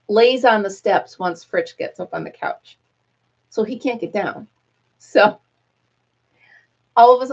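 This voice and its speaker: A woman chats casually as host of a live stream, rambling from one story to the next and breaking into laughter. She coos to her dog in between, and her voice sits at a mid pitch on slightly dull, lo-fi audio. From United States. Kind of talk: casual chat.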